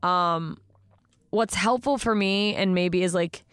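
A woman's voice: on the low side, takes it slowly, clear, resonant tone, no echo, studio quality. A woman comedian talking casually in an interview, telling stories animatedly and acting out what people said. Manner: animated, tells stories with acted-out quotes. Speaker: comedian guest.

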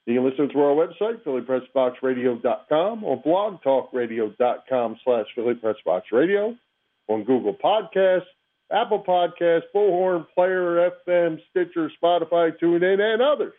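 A man's voice: fairly high pitch, lively intonation, moderate pace. A man co-hosting a casual sports radio chat, friendly and talkative, often repeating himself. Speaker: co-host. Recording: phone-like call-in line.

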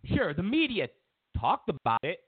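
A man's voice: sits high, wildly swooping pitch, normal speed, slightly rough, no echo. A man hosting a political talk show, giving sarcastic, opinionated commentary and repeating his points for emphasis. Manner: sarcastic, mocks media with exaggerated quotes. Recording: tinny phone-like, dry sound.

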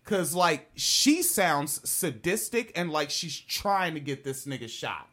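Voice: medium pitch, sing-song, takes it slowly, bright, forceful tone. A host giving blunt, ranting reaction commentary, heavy on profanity and laughing asides.

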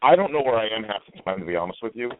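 A man's voice: on the low side, animated, rapid-fire, slight background noise. A man calling in as a guest on a live show, joking around in a playful way. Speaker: guest caller. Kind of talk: casual phone interview. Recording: tinny phone-line sound.

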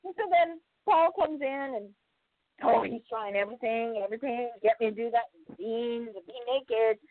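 An actress telling a story in casual podcast chat, acting out the quotes and swearing freely. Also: female voice, on the high side, normal speed, no room sound, phone-quality sound. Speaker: actress guest.

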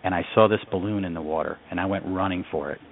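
Deep-voiced guy from upstate new york telling a heartfelt story over a tinny phone line. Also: quick pace, creaky, a little hiss or hum. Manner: earnest, reflective storyteller. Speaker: guest. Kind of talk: storytelling in a radio interview.

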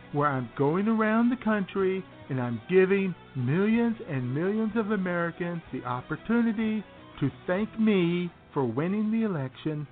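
A man voicing a boastful, self-congratulating president-elect in a comedy radio bit, piling up repetitive superlatives. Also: high voice. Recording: tinny phone-like radio audio with music.

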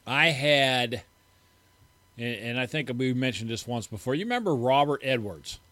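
A man's voice: mid-range voice, expressive, normal speed, sharp tone, dry recording. A man co-hosting a casual fantasy football show in a small studio, citing stats and telling old league stories in a matter-of-fact way. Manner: stat-heavy, matter-of-fact, anecdotal. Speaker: co-host. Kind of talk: casual sports chat.

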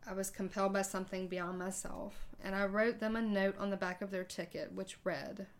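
Woman host telling a personal story. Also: mid-range voice. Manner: conversational, acts out quoted dialogue with hesitations. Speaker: podcast host.

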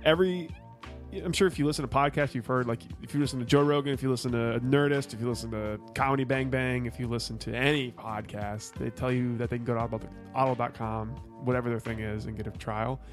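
A man's voice: medium pitch, steady tone, quick pace. Male podcast co-host, casual and profane banter, faint music bed. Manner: loose, swearing, joking banter. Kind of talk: casual chat.

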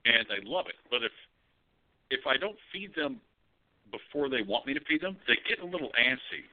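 A man co-hosting a podcast, telling stories in a loose, profane, animated way. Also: mid-range voice, a little fast. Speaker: podcast co-host. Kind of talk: casual chat. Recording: tinny phone-like audio.

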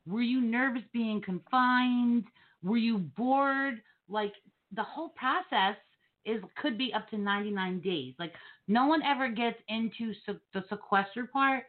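A woman with a New Jersey accent hosting a podcast, animated and teasing as she chats with her guests. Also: fairly high pitch. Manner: animated, quick to laugh, teasing. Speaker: podcast host. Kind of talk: casual podcast interview. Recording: phone-like band-limited audio.

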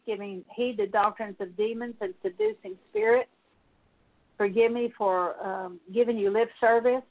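A woman praying aloud as a minister, leading a spoken prayer of confession as a steady litany of repeated petitions. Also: fairly high pitch. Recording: tinny phone-like sound.

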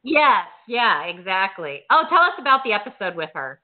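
A woman's voice: mid-range voice, very animated, normal speed. A woman hosting an interview, chatting casually and gushing with enthusiasm. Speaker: interview host. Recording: tinny phone-line sound.

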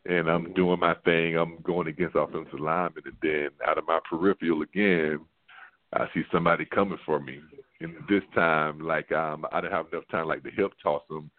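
A low-voiced man tells a loose, winding story, tripping over restarts and leaning on "like" as he goes. He comes through a thin, tinny phone line. He sounds like a former player swapping stories as a sports-show guest. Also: brisk. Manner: rambling, animated anecdote full of "like" and restarts.

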